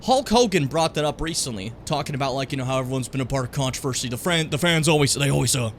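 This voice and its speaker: A young man from Edmonton, Canada, streams a video game, rambling, joking and swearing often as he gives casual commentary. His mid-range voice is lively in intonation, and he talks fast with hardly any pauses. There's slight background noise.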